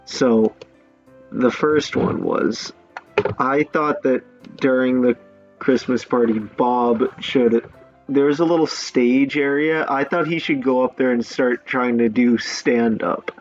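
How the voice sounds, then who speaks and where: A man's voice: medium pitch, takes it slowly. A man hosting a comedic podcast, steering the chat with prompting questions, on a muffled recording with faint music. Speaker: podcast host.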